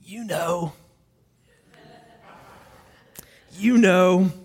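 A man's voice: very high-pitched, lively intonation, slow, vocal fry, a bit bright, big-room sound, voice pushed up, exaggerated voice. A man voicing a rude, taunting male parrot in a pet shop, with a squawky delivery. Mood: whispered smug.

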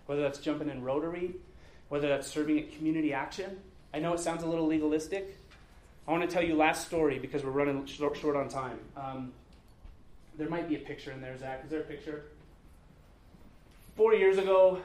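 Male pastor, 30s, conversational sermon delivery with light humor; slightly higher voice, roomy sanctuary sound. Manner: conversational storytelling preacher, earnest with light humor. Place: church sanctuary. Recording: echoey church sanctuary.

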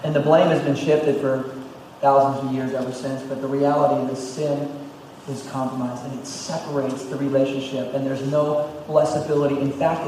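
A man preaching a sermon as pastor, emphatic, repeating phrases and swinging between loud and hushed. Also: fairly high pitch, a little hiss or hum. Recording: echoey hall, distant mic, faint ambience.

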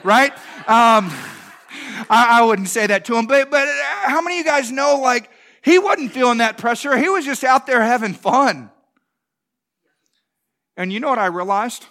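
A man's voice: very high voice, normal speed, bright, forceful tone. A man in his thirties, a pastor giving a conversational sermon, often asking "can I tell you" and restarting his words.

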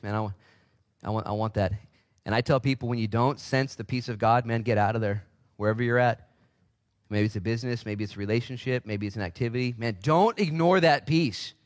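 A man in his forties preaches a sermon as pastor, keeping his voice at a middle pitch. His delivery is animated, and he jumps into high, lively voices to act out the people he quotes.

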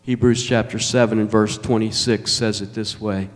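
A man preaching a sermon as pastor, emphatic and measured, with dramatic pauses. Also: fairly low pitch, flat delivery. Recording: long reverb of a large hall.

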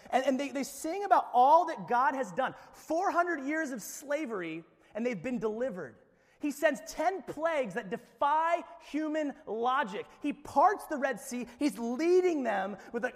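A man preaching a sermon to a congregation, animated and conversational, swinging between loud excitement and hushed earnestness. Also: extremely high pitch. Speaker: pastor. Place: church sanctuary. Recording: long reverb of a church hall.

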